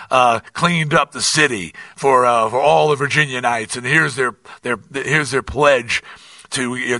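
An older man hosting his own podcast, telling a rambling, animated story with many restarts and asides. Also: medium pitch, dry recording, far from the mic. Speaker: podcast host. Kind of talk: casual monologue.

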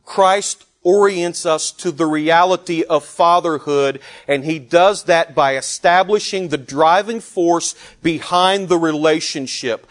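Guy preaching a sermon, kinda high voice, slow n emphatic, repeats lines for weight. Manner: slow deliberate delivery with pauses. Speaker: pastor.

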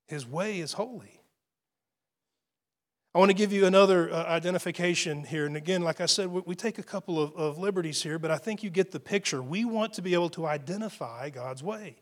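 A man preaching a sermon to his congregation, earnest, swelling into emphatic lines and dropping into soft asides. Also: sits high, a little fast. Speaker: pastor.

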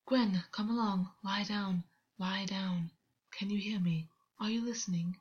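A woman voicing a stern, worried male fey king in a whispered role-play, hushed and scolding. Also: medium pitch, steady tone, a little slow, breathy edge, dull audio. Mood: urgent.

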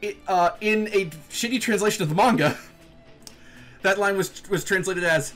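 A man hosting a podcast in casual chat, animated, laughing often and swearing casually. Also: high-pitched, moderate pace, soft background music. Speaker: podcast host. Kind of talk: casual chat recapping an anime.

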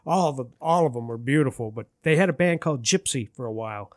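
A man's voice: mid-range voice, animated, quick pace, no room sound, studio quality. A man, a musician guest, telling rambling anecdotes in casual chat and acting out the quotes. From Detroit area. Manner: rambling anecdotes, acts out quotes, laughs at himself.

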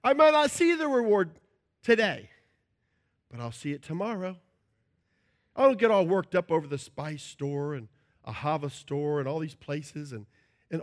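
Preaching at a moderate pace with long pauses, this middle-aged pastor has a voice on the high side. Playful and animated, he stages small scenes complete with shouts and jokey voices.

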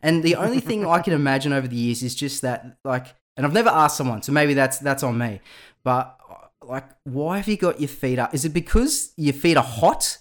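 A man, chatting casually on a podcast panel, animated and laughing often. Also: mid-range voice, brisk. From Australia. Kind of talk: casual roundtable chat.

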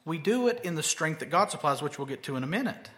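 A man's voice: fairly high pitch, lively intonation, quick pace, fairly bright tone. A male pastor preaching a sermon conversationally, with emphatic rhetorical questions.

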